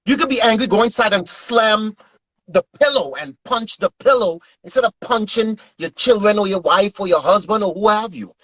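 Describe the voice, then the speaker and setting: A man in an earnest, animated casual chat, often repeating himself. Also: high voice, normal speed, no room sound, muffled recording.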